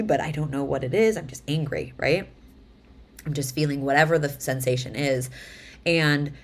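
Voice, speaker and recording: Low-pitched woman in her 30s vlogging, chatty, acts out little quotes. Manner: chatty, animated retelling with voiced quotes. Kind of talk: casual monologue to camera.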